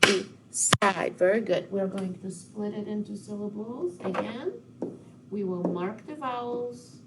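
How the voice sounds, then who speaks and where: A woman teacher giving a recorded phonics lesson, modeling words slowly with call-and-response prompts. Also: medium pitch, heavy background noise.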